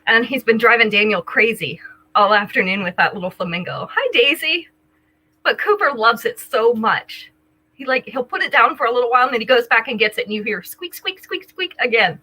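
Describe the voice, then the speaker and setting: An older woman hosts a live sale in a casual, chatty way, greeting viewers by name as she describes jewelry. Her voice sits a little high, with a bright, husky edge. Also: lively intonation, fairly quick, low-quality recording. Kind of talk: casual live-stream selling chat.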